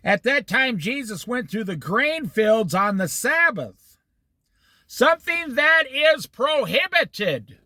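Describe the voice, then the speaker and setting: A man leading an informal Bible study, explaining scripture in an animated, storytelling way and acting out the quotes. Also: extremely high pitch, measured pace, no echo.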